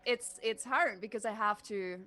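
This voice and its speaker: A woman's voice: medium pitch, normal speed, sharp tone. Giggly German-accented woman player. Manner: giggly, self-conscious, repeating words. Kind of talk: casual chat on a live stream.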